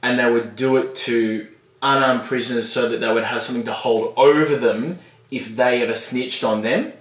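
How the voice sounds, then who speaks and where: A man is talking on a podcast in a blunt, earnest way, with casual swearing. His voice sits at an everyday middle pitch. The poor recording carries a lot of room echo. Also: fairly even intonation, normal speed, distant mic. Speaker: podcast co-host. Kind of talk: casual chat. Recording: echoey, low-quality podcast audio.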